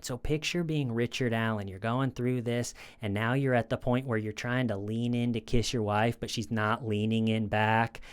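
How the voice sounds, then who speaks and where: A man talking through a true crime case in a loose, conversational way, circling back over phrases and restarting sentences. His voice sits at an ordinary middle pitch and comes across smooth and resonant. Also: steady tone, normal speed, few pauses. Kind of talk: casual commentary retelling an interrogation.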